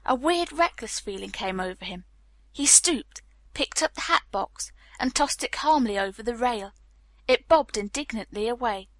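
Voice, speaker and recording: A woman narrating a novel as an audiobook reader, telling the story in a calm, even manner. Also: on the high side, normal speed, no echo. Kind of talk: scripted narration.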